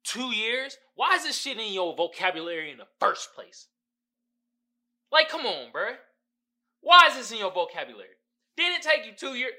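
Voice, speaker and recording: A podcast host rants on his own in a casual solo episode, his lively voice swooping up and down with a very bright, sharp edge. He curses freely and sounds heated, swinging between loud outbursts and low mutters. He talks at a moderate pace and pauses often.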